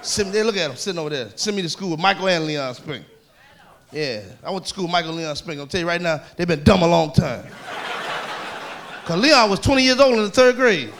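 A man doing stand-up comedy on a club stage, loud and profane, teasing people in the audience. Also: high voice, lively intonation, fairly quick.

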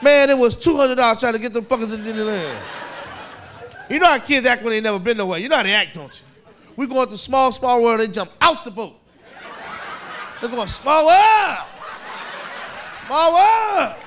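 A man doing stand-up, telling a profane story loudly and acting out the voices of the people in it. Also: extremely high pitch, quick pace, a little hiss or hum. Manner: loud animated storytelling, profane, acts out voices. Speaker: stand-up comedian. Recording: live club recording with crowd laughter. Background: audience laughing.

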